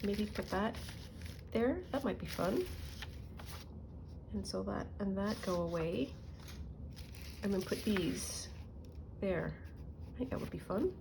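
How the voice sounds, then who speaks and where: A woman's voice: medium pitch, takes it slowly, creaky, long pauses, noisy background. A middle-aged woman telling rambling stories and muttering to herself as she works on a junk journal in a casual crafting vlog. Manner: rambling storyteller, muttering to herself while working.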